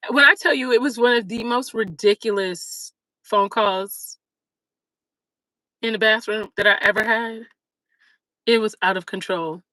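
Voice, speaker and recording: A woman chats straight to her viewers as a livestream host, spinning a story with lots of fillers and lively asides. Her voice is bright and forceful. The sound is close and dry, with no room around it. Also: medium pitch, a little slow, long pauses, no echo, poor audio. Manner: chatty, animated, many fillers. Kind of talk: casual storytelling chat.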